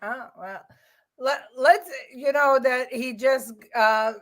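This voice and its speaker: A middle-aged woman hosting a live talk stream, reading viewer comments aloud with frequent laughs and halting pauses. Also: sits high, a bit bright. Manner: laughs often, halting as she reads comments. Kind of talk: casual live-stream chat.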